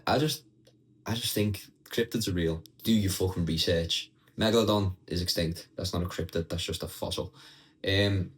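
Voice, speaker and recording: A man's voice: sits low, low-quality recording. A young man ranting casually and bluntly to his viewers, swearing freely and talking straight at the camera. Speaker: vlogger.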